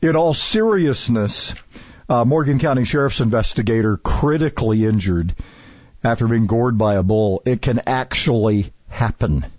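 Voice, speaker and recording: Rambling radio talk host, husky voice. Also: male voice, mid-range voice, normal speed, darkish tone, no room sound, highs cut off. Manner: rambling, self-interrupting, chatty with many fillers. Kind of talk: casual talk radio chat.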